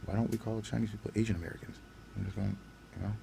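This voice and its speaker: A man's voice: on the low side, fairly even intonation, rapid-fire, vocal fry, background noise. A man hosting his own channel, delivering a profane, angry, blunt vlog rant. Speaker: channel host.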